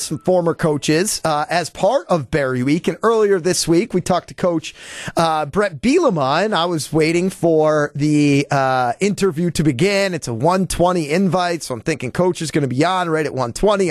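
High-voiced energetic radio host. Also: male voice, no echo. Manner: energetic, teasing, sing-song delivery. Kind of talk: sports radio banter. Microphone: studio microphone.

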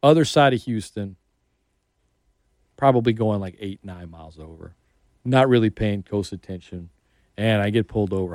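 This middle-aged radio host has a lowish, darkish voice and moves at a moderate pace, pausing often. Hosting a casual sports interview from a radio studio, he tells stories chattily and acts out the people he quotes. His studio mic captures studio-quality sound with no room sound.

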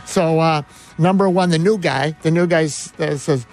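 A man's voice: a little high, moderate pace, a little mellow. A man hosting a sports radio show, telling rambling stories full of fillers and restarts in casual banter.

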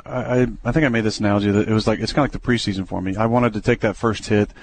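Young guy w a lowish voice, quarterback breaking down plays, lots of ums and restarts, faint hiss behind. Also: very fast. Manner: relaxed, hesitant, many fillers and restarts. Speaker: football quarterback. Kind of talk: casual radio interview.

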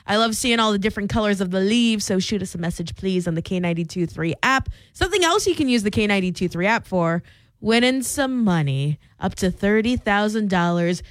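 A woman's voice: medium pitch, animated, brisk, dry recording. A young woman from the co-hosting a morning radio show, playful and jokey, on a close studio mic. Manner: playful, jokey, drifts into put-on voices. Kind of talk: casual radio banter.

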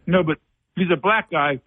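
A man's voice: high voice, husky, no room sound. A man calling in to a radio show and chatting as he gives a tip. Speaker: caller. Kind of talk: phone-in call. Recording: tinny phone line.

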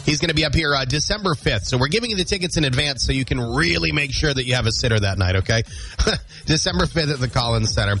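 A man's voice: medium pitch, expressive, fast talker, a bit bright, soft background music, rough recording. A man hosting a morning radio show, chatting playfully and joking between calls. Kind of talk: casual radio banter. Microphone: studio microphone.

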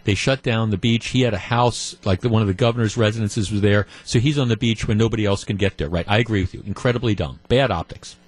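A man's voice: on the low side, quick pace, few pauses, breathy edge, dry recording. A man hosting a call-in radio talk show, retelling a story in a conversational way. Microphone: studio microphone.

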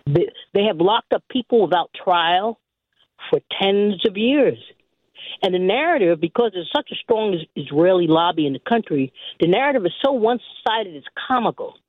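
Older male caller, forceful and lecturing, husky, dry phone-line sound. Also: high voice, lively intonation, moderate pace, no room sound. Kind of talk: call-in talk radio.

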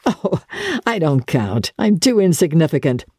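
A reader giving voice to a wary young gentleman in an audiobook. He answers in hushed, halting half-whispers, and the breathy tone stays mellow and dark. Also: mid-range voice, very animated, no echo, clean studio sound. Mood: hesitant. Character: young gentleman, hesitant and guarded. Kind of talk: audiobook character voice.

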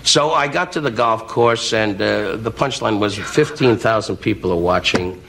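A man's voice: fairly low pitch, moderate pace, creaky. A man doing insult comedy as a talk show guest, firing teasing wisecracks and chuckling between jokes. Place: TV studio. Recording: archival TV clip with loud noise.

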